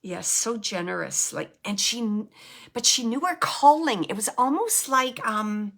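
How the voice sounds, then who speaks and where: A woman medium gives a live reading in a bright, tense, fairly high voice. She talks haltingly, hunting for words through plenty of fillers, and now and then sinks into a hushed whisper. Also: animated, vocal fry. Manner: drops to a hushed whisper at times. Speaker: psychic medium.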